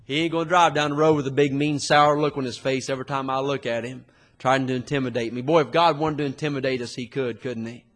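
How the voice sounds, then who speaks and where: A preacher giving a folksy, storytelling sermon that rises to fiery shouting. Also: male voice, medium pitch, fairly even intonation, fast talker.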